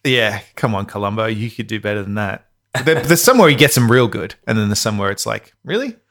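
A man's voice: lowish voice, fairly quick, a bit bright. Laughing man telling stories. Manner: laughs often, swears casually, storytelling. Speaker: podcast co-host. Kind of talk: casual chat.

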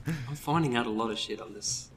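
A man's voice: medium pitch, a little fast, over music. A man co-hosting a podcast over an online call, joking and laughing often in casual chat. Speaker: podcast co-host.

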